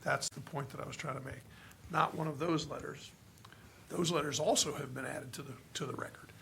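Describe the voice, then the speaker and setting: Frustrated commissioner with a gravelly voice. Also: male voice, fairly high pitch, steady tone, fairly bright tone, a little hiss or hum. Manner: frustrated, halting, many restarts. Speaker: county commissioner. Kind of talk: public hearing remarks. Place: hearing room.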